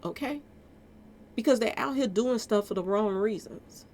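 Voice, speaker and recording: A woman's voice: mid-range voice, moderate pace, a little mellow, a little hiss or hum. A woman giving a casual, emphatic commentary monologue to her viewers, chatty and repeatedly addressing them directly. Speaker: commentary vlogger.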